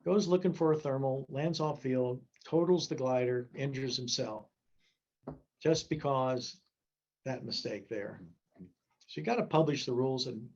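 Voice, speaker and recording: A man's voice: mid-range voice, darkish tone, muffled recording. A man in his seventies giving a gliding safety talk, telling folksy, joking stories to a club audience. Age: 70s.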